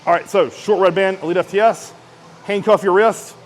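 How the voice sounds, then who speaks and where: Energetic man coaching a workout. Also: sits high, moderate pace, slight background noise, poor audio. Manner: energetic, talks while lifting and straining. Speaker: fitness coach. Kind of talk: casual exercise demonstration.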